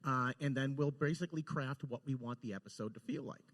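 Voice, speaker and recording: A man, a storyboard director, telling lively anecdotes and acting out the quotes with laughter. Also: mid-range voice, fairly quick, in a large hall. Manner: animated, laughing, acts out quotes.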